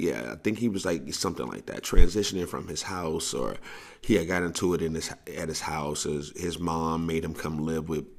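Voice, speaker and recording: A man's voice: sits low, gravelly. A man hosting a podcast, telling a long casual story in a rambling way, repeating and restarting phrases and laughing often. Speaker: podcast host, coach.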